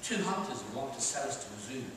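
A man voicing a mother lioness who gently comforts her cub. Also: mid-range voice, very animated, quick pace, close to an everyday voice. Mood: tender. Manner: soothing, tender. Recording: echoey hall from far off, noisy.

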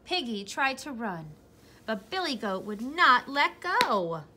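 A young woman who teaches preschool, reading a picture book aloud to young children in a slow, encouraging way. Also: fairly high pitch, very animated, background noise. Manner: slow, sing-song, encouraging.

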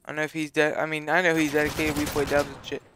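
A man's voice: fairly high pitch, completely flat delivery, quick pace, noisy background. A teenage boy giving casual, rambling gameplay commentary, swearing freely and filling his talk with "like". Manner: rambling, profane, full of "like" fillers. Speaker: gaming channel host.

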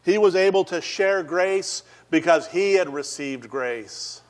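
A man preaching a sermon as pastor, telling a story earnestly and slowing down for emphasis. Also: high-pitched.

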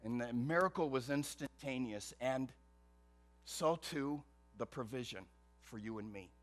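A man's voice: medium pitch, measured pace, fairly bright tone, soft background music. A man preaching a sermon as pastor, emphatic, with rhetorical questions. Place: church.

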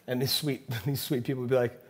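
A man's voice: medium pitch, level tone, fast, husky. A man, a chef, chatting casually while cooking in a demo kitchen, telling stories with frequent laughs and restarts.

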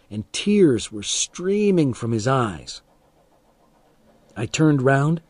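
A man reading a first-person story aloud as an audiobook narrator, calm and expressive, for English learners. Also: mid-range voice, husky, no room sound.

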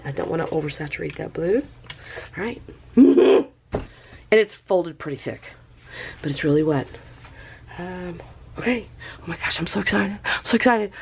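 A woman chatting her way through a tie-dye tutorial, thinking aloud and getting excited. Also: fairly low pitch, muffled recording, a little hiss or hum. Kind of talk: casual craft tutorial.

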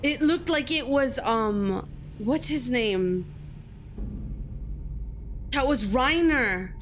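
A young woman streams a spooky game with live commentary, her voice sitting a little high. She startles easily, swears without a filter and scolds whatever lurks on screen. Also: animated, drawn-out words, fairly bright tone, a little hiss or hum. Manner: jumpy, swears freely, talks back to the game.

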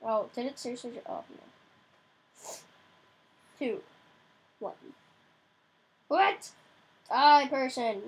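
A young woman giving casual gameplay commentary, excitable, crying out in frustration now and then. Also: high voice, slow, long pauses, husky, highs cut off. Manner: excitable, yelps and cries out in frustration. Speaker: gamer.

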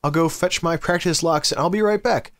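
A man's voice: a little high, brisk, a bit bright, no echo. A man voicing a desperate young male thief who begs and bargains for his life. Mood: eager. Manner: pleading, eager.

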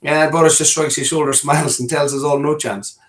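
A man's voice: on the high side, steady tone, a little fast. A middle-aged Scottish man, a politician talking as an interview guest in a discursive way, often restarting and repeating words.

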